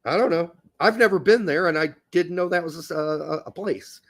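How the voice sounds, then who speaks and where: A man's voice: fairly high pitch, moderate pace. A man co-hosting a casual podcast chat, joking around, laughing often and wandering into rambling asides. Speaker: co-host.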